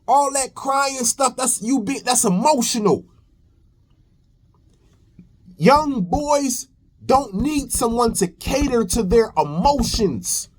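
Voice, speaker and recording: A young man speaks slowly and deliberately in a high voice. He lectures in reaction-video commentary, emphatic and preachy, hammering points home by repetition. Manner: preachy, emphatic, repeats phrases. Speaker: commentary host.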